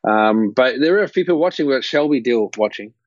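A man's voice: medium pitch, lively intonation, fast talker, no room sound. A man co-hosting a podcast, upbeat and encouraging, often repeating his phrases. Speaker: podcast co-host. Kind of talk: casual chat. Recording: dry, muffled mic.

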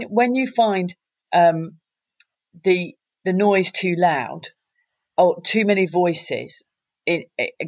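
A woman's voice: fairly low pitch, no room sound. A woman, a coach, telling a story in casual conversation and acting out the voices she quotes. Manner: animated, acts out quoted voices, frequent restarts. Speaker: coach and guest.

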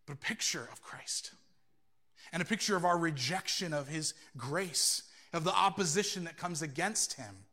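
A man's voice: fairly high pitch, bright, forceful tone. A man preaching a sermon as pastor, telling the story with animation and acting out the voices he quotes.

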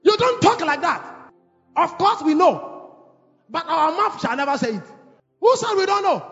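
A man preaching a fervent sermon to his congregation in a church hall, shouting declarations and calling for responses. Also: very high voice, sing-song, moderate pace, creaky, faint music behind. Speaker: pastor. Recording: echoey, slightly dull church hall recording.

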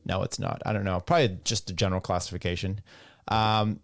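Rambling, blunt podcast host. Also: male voice, sits low, steady tone, fairly quick, creaky. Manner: rambling, blunt, reads listener comments aloud. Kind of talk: casual solo commentary.

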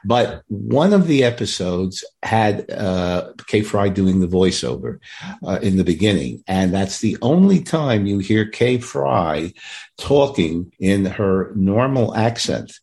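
A man co-hosting a casual fan podcast, talking with many pauses, fillers and restarts. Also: on the low side, sing-song, darkish tone. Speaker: podcast co-host.

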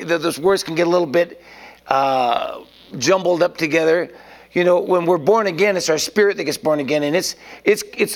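Gravelly folksy male preacher. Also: high-pitched. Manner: rambling, folksy, frequent restarts. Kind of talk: informal sermon.

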